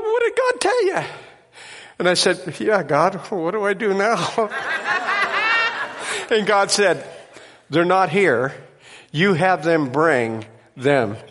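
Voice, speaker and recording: A man preaching, telling a miracle story in an animated way and laughing at his own tale. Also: on the high side, in a large hall. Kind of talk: sermon testimony storytelling.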